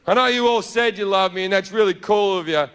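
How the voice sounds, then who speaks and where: A man voicing a vain, short-tempered male God who shouts profanities in a stand-up comedy bit. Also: brisk, smooth. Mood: smug. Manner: shouting, profane, high-pitched outbursts. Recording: noisy live stand-up recording.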